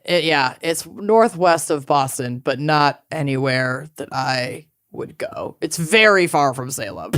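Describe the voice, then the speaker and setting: Animated, foul-mouthed woman podcaster. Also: low voice, slow, hardly any pauses. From family from Massachusetts. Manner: profane, animated and laughing. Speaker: podcast co-host. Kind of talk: casual chat, reading news stories.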